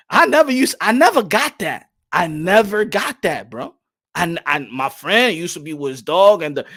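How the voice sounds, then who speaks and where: A man telling casual stories on a boxing podcast, animated and profane, laughing often. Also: sits high. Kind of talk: casual storytelling chat.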